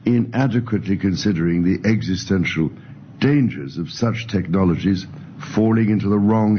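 An older man giving a formal, measured speech. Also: sits low, muffled recording, slight background noise.

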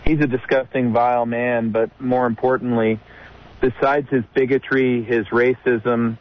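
A man's voice: mid-range voice, flat delivery, measured pace. A middle-aged man from the American South, a retired officer, giving blunt, scornful opinions as a radio guest. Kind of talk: call-in talk radio interview. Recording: muffled line with faint hiss.

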